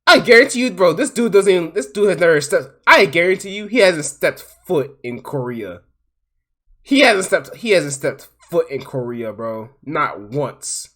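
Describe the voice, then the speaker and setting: A man, talking loosely on a live stream as he reacts to a clip. His voice leaps up and drops low as he repeats himself in disbelief, and his talk is exasperated and profane. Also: very animated, moderate pace. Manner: exasperated, repetitive, profane, swings loud and soft. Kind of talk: casual live-stream commentary.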